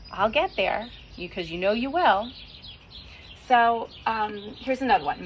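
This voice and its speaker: A woman's voice: medium pitch, unhurried, a little hiss or hum. Upbeat woman giving encouraging tips. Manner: upbeat, encouraging, acts out quoted self-talk. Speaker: cheer mental-skills speaker. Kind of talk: scripted tips talk. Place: at home.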